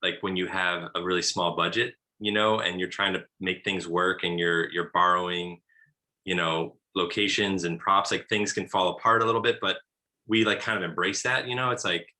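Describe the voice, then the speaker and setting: A male film director in a casual Q&A, relaxed and full of "like" and "you know". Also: deep voice, moderate pace, rough recording. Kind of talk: casual post-screening Q&A.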